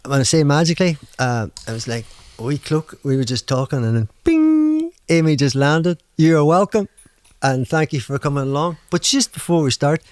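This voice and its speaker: Male host, playful and excitable, slightly high-pitched, dry studio sound. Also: normal speed, clean tone, dry recording. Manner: jokey, excitable banter. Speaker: podcast host. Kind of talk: casual chat.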